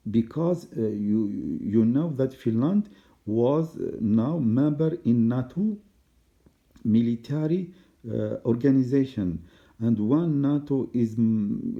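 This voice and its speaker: Man, halting non-native english, slow, very dark mellow voice, dull lo-fi sound. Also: medium pitch. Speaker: commentator. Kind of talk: hesitant solo monologue. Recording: dull lo-fi recording.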